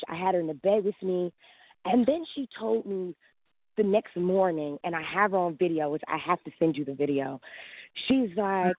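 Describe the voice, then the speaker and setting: Woman in her 30s, animated caller, tinny phone sound, dry. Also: medium pitch, moderate pace, gravelly, husky, no room sound. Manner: animated, acts out quotes, laughs often. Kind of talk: casual storytelling.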